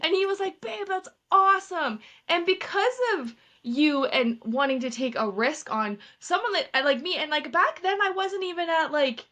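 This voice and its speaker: A young woman from Canada talks casually as a podcast co-host, her pitch sitting a little high. She tells stories with energy and acts out what each person said. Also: moderate pace, hardly any pauses. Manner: animated storytelling, acts out quoted exchanges. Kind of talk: casual chat.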